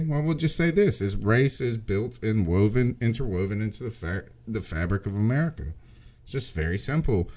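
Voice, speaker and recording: A man co-hosting a podcast and teaching history, talking in a rambling, animated way and swearing freely. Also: fairly low pitch. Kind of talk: casual podcast chat.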